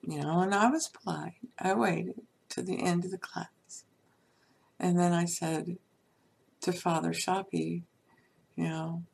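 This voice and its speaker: A woman casually telling a personal story from her life to her viewers, chatty with many asides and soft laughs. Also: on the low side, a little slow, creaky, husky.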